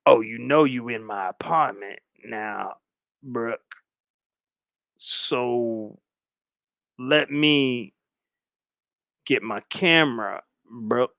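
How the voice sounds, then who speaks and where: A man doing a menacing stalker who drops his voice deep and drags each word out. He murmurs taunts in a slow, creeping hush. The sound is dry and close. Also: gravelly, no room sound, heavily acted. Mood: creepy.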